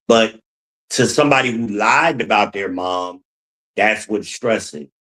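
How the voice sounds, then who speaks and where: On his solo podcast, a host speaks in a fairly bright, lower-pitched voice at an unhurried pace over rough audio. His monologue is casual and blunt, full of profanity, meandering, and repeated points.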